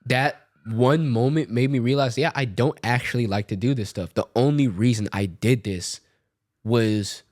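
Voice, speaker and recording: An animated young man telling a story in casual talk, jumping into quoted voices as he goes. His voice sits in the middle range, recorded dry and close. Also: mid-range voice, normal speed, dry recording.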